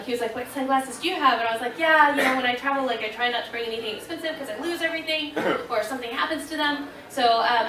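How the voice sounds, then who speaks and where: A woman in her thirties telling a lively story to a convention audience, laughing and acting out what people said. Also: fairly high pitch, background noise. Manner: animated, laughing, acting out quotes. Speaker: convention panel guest. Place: convention panel room. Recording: echoey room, voice from far off.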